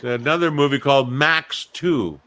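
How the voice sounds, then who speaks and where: This guest actor has a mid-range voice and talks at a normal speed. He tells a casual anecdote as an animated storyteller, acting out dialogue in different voices and laughing often.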